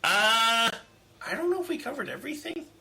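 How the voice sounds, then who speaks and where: Male radio host, very gravelly voice, sharp bright tone, easygoing, hesitant. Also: very high-pitched, big pitch swings, normal speed. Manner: easygoing, hesitant, many fillers. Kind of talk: casual radio chat.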